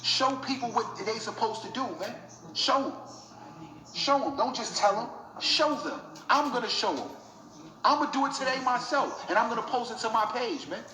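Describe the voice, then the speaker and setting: A young man speaks with raw emotion, hammering the same points again and again like a street preacher. His voice sits high for a man. The room around him rings with echo. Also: lively intonation, moderate pace, pushed and bright. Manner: emotional, preachy, repeats himself. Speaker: vlogger. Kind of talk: impassioned talk to camera. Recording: echoey room.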